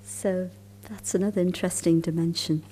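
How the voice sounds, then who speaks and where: A woman giving a spiritual talk at a conference, telling stories calmly and unhurriedly, sometimes dropping into soft, near-whispered asides. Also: on the low side, normal speed, a little hiss or hum. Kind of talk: storytelling lecture at a conference.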